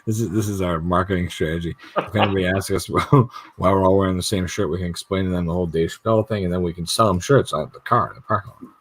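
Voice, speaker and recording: Casual livestream host, man from the United States, low husky voice, swears freely while telling stories. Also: fast talker. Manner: storytelling, swearing, acting out quoted voices. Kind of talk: casual chat.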